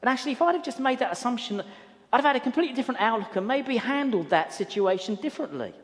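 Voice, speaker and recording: A man's voice: extremely high pitch, lively intonation, fast talker. A man preaching a sermon in a church hall, telling a story earnestly and often repeating words as he goes. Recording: long hall reverb.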